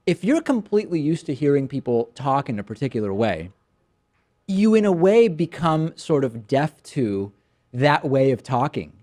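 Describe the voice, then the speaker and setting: A man's voice: mid-range voice, moderate pace. Chatty male talk show host. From Massachusetts. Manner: conversational, animated storytelling with frequent restarts. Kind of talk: answering audience questions.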